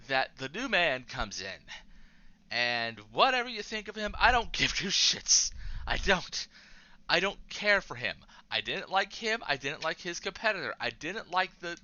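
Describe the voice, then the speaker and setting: Lively, bright-voiced man ranting. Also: fairly high pitch, muffled recording. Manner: rambling, profane, frustrated ranting. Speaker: YouTuber. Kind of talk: rambling vlog monologue.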